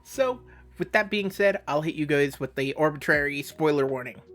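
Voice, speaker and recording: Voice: medium pitch, normal speed, fairly bright tone. A channel host casually explaining a game theory, with joking, self-deprecating asides and rambling tangents.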